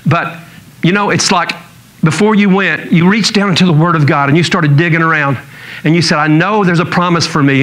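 A man's voice: fairly high pitch, a bit bright, rough recording. A man pastor preaching a sermon in a conversational storytelling way, chuckling now and then.

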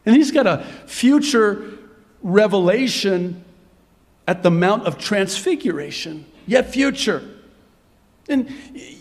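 A man preaching a sermon in an animated way, dropping to a whisper for dramatic effect. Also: sits high, slow pace, in a large hall. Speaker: pastor.

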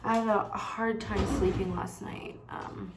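A woman's voice: mid-range voice, fairly even intonation, unhurried, roomy sound, noisy background. A woman vlogging at home in casual, rambling chat, with a lot of "like" between her words. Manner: rambling, chatty, heavy use of "like". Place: home bedroom.

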